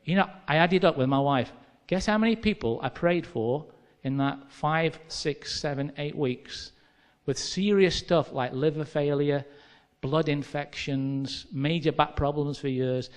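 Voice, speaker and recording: A man's voice: fairly high pitch, measured pace. An English preacher with a Midlands accent tells a personal story from the pulpit. He speaks conversationally and acts out the dialogue as he goes. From England. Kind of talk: sermon storytelling.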